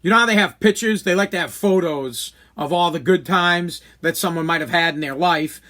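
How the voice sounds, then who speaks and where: Man, 40s, high voice, podcast host, candid rambling storytelling. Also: normal speed, bright, forceful tone. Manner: candid, rambling, with many restarts. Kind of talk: casual storytelling monologue.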